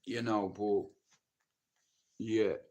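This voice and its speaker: A man's voice: on the low side, fairly even intonation, very slow, a little mellow. A man with a Dublin Irish accent telling his own story on a livestream, blunt and intense, swearing often. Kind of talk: casual storytelling monologue.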